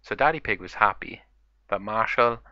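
A man's voice: lowish voice, moderate pace, pushed and bright, no echo, highs cut off. Man narrating a toy play story. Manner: chatty, run-on storytelling.

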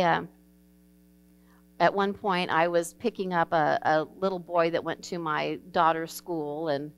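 Woman pastor giving a sermon, smooth clear voice, folksy storytelling, low hum behind. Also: fairly bright tone. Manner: earnest, folksy storytelling, acts out quoted dialogue. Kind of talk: sermon with told stories. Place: church sanctuary.

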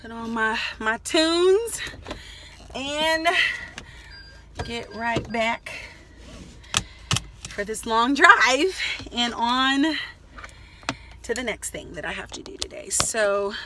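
A woman's voice: a little high, expressive, slow pace, pauses often, noisy background. A bubbly woman, vlogging casually to a phone camera, laughing often and calling viewers "y'all". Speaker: vlogger, actor and spoken word poet. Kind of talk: casual vlog chat to camera.

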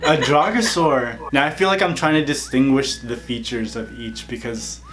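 A man's voice: medium pitch, normal speed, noisy background. A man hosting a casual YouTube interview, playful and laughing often. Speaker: YouTuber host.

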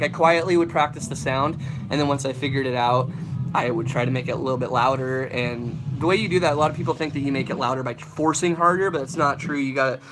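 A young man, a vocalist, chatting loosely and swearing while he answers live chat questions about singing. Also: medium pitch. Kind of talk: casual livestream Q&A.

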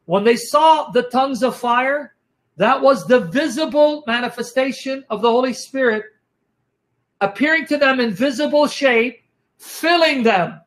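Man, very high voice, emphatic Bible teaching, strained coughing throat. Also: a little slow, a bit bright. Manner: emphatic, repeats "watch" and asks the audience if they follow. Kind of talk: sermon-style Bible study.

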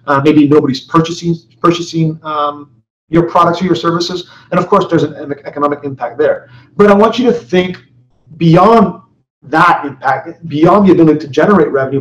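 A man, a company executive, presenting a webinar in a conversational way, with many fillers, restarts and rhetorical questions. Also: a little high. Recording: roomy, distant, dull webinar audio.

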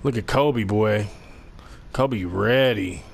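A young man giving casual, slangy, excitable commentary over a basketball video game, trash-talking the players. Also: fairly low pitch, slow pace, vocal fry, slight background noise. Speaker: gaming commentator.

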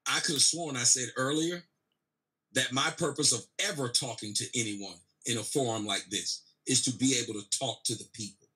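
Debate host, male, bright forceful voice, calm measured pushback. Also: mid-range voice, poor audio. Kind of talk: debate exchange.

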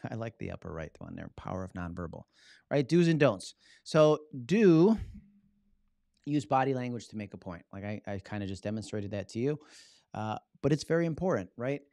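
A man giving a casual live-streamed talk on public speaking, lively and acting out his examples. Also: fairly low pitch, normal speed, gravelly, no echo, studio quality. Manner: animated, acts out examples with his body; casual, loose phrasing with "right?" tags.

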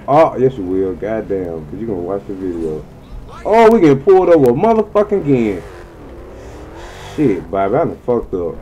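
A man giving casual, slang-heavy gameplay commentary in an excitable way, swearing freely and yelping high when things go wrong. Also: slight background noise. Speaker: gaming channel host.

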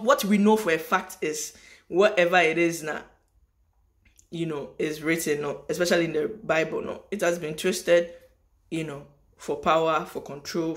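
A man talking straight to camera in a motivational vlog monologue, preachy and emphatic, with lots of rhetorical questions. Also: a little high. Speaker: vlogger.

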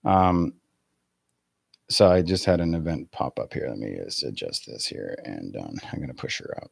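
A man's voice: extremely low pitch, sing-song, moderate pace, vocal fry, breathy edge, no room sound, clean studio sound. A man in his forties, a real estate coach giving a live video webinar in a blunt, profane, laughing rant. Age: 40s.

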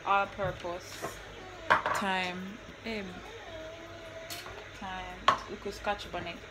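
Playful Jamaican woman vlogging in a noisy kitchen. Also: mid-range voice. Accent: Jamaican, mixed with British. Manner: playful, laughing, bossy with instructions. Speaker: vlogger host. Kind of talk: casual cooking vlog chat. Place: home kitchen.

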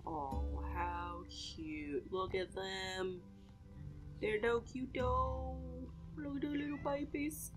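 A woman giving casual, excitable let's-play commentary as she plays, cooing over cute animals. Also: mid-range voice, slow pace. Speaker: gaming video creator. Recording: game music playing behind.

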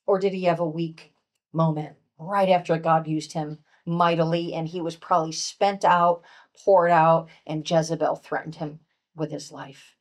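A woman speaker teaching from scripture to a women's retreat, earnest and gentle, dropping to a soft hush on key points. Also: sits low, steady tone, measured pace. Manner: reads scripture aloud and acts out voices. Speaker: workshop speaker at a pastors' wives' retreat.

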